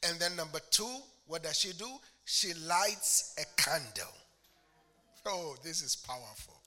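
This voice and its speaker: A high, sharply bright male voice delivering a sermon at an unhurried pace. He poses questions to the congregation and moves between quiet, low asides and loud, ringing proclamations. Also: expressive. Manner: preaching with call-and-response questions, swinging from hushed to shouting. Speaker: pastor.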